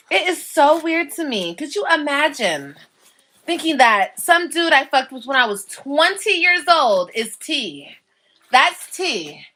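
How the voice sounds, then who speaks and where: A woman's voice: high-pitched, a bit bright. Sassy, foul-mouthed woman venting to viewers. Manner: sassy, profane, mocking. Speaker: livestreamer. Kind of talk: venting to viewers, played clip. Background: child whining.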